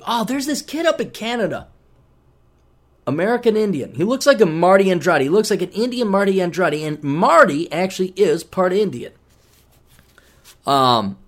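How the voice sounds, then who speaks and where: A man hosting a podcast, talking in a sarcastic, rambling monologue with animated mock rants. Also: sits high. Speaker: podcast host. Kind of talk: casual monologue.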